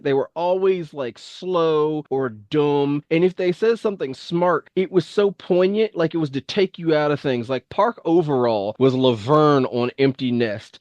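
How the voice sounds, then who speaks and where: A man from Maryland co-hosting a podcast, speaking with a slight Southern drawl, chatting in an animated way with lots of "like" fillers. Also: fairly high pitch, no echo, lo-fi sound. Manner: animated, many "like" fillers, laughs often. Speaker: podcast co-host. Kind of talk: casual podcast chat.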